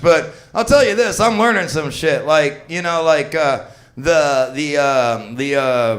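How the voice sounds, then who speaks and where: A fifty-year-old man performing a crude, rambling stand-up set on a comedy club stage, shouting his punchlines. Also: a little high. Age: 50s.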